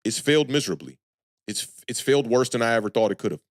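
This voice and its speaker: A man hosting a live sports talk stream, talking loosely and frankly to chat viewers and shouting them out. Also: mid-range voice, lively intonation, quick pace, no echo, studio quality. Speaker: sports channel host.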